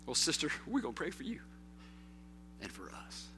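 A man preaching a sermon as pastor, rising to loud calls and dropping to a hush, putting question after question to his listeners. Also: a little high, huge pitch swings, moderate pace, a little hiss or hum. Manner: preaching with sweeping swings from loud to hushed; calls out rhetorical questions to the congregation.

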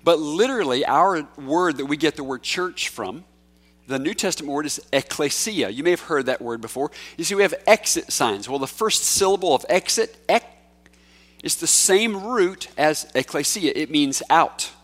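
A man's voice: a little high, lively intonation, normal speed, fairly bright tone. A male pastor preaching a sermon in a church, talking conversationally and coaxing children forward in a playful way. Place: church sanctuary.

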